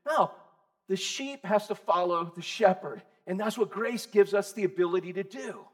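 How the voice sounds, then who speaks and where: A man with a high voice preaches in church. He talks lively and casually and keeps calling out questions to his listeners. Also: moderate pace. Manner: lively, calls out to the congregation with questions. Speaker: pastor. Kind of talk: sermon.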